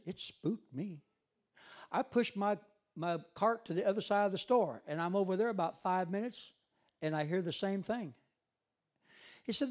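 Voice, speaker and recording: A man preaching a sermon, retelling a story with quoted dialogue and building to loud, emphatic peaks. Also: a little high.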